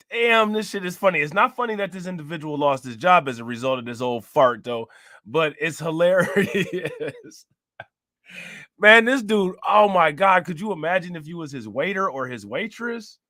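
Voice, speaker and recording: A man hosting a show, reacting to a news clip with loud, laughing, mocking commentary. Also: fairly high pitch, no echo, clean studio sound.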